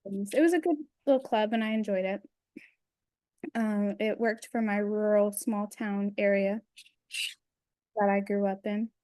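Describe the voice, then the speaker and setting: A woman's voice: medium pitch, steady tone, measured pace, pauses often, warm tone, dry recording. Young woman guest on a video call, chatty and rambly, lots of likes and ums, dry close sound. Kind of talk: casual interview chat.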